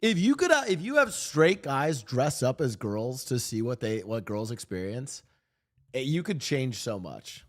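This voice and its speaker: A male streamer with an animated, swinging pitch and a medium voice. He rambles, swears casually and often restarts his sentences, picked up close on a desk microphone. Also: unhurried. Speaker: streamer reacting to videos. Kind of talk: casual reaction commentary. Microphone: streaming desk mic.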